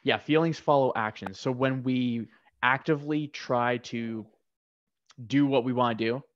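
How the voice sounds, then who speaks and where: A man's voice: medium pitch, unhurried. A man hosting a casual podcast interview, often restarting sentences as he searches for words. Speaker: podcast host. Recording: slightly dull lo-fi audio.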